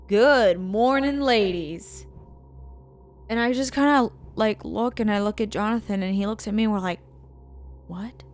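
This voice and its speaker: A woman co-hosting a game let's play, telling a profane, animated anecdote in a casual chat style. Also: fairly high pitch. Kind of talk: casual storytelling while gaming.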